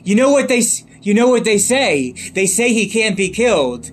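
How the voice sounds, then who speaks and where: A man's voice: high voice, very animated, moderate pace, faint music behind. A man doing an impression of a madcap male clown villain from a film, with a showy, mocking, sing-song delivery. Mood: gleeful.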